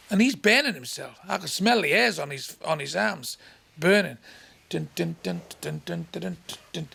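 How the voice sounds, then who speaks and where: A man's voice: on the high side, bright, forceful tone. A man from England doing crude, swearing stand-up storytelling, acting out voices and sounds along the way. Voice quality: gravelly. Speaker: stand-up comedian.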